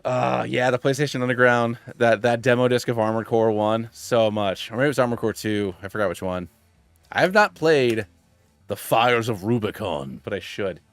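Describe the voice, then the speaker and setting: A man in his thirties streaming a game, chatting casually in a rambling, excitable way with many restarts and tangents. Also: medium pitch, normal speed, dry recording, faint music behind. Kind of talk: casual gaming stream chat.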